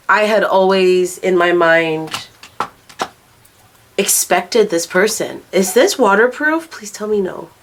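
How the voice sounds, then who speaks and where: A young adult woman chats through her makeup routine in an unhurried, drawn-out way. She is candid and loose, swears freely and pokes fun at her own slips. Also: medium pitch. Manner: candid, swears, laughs at herself. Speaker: vlogger. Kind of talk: casual chat while doing makeup.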